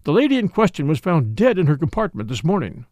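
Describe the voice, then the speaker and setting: A man's voice: on the high side, very animated, fast, a little mellow, no room sound. A man playing a pompous French police official. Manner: pompous, formal and insistent. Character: pompous middle-aged French police commissary.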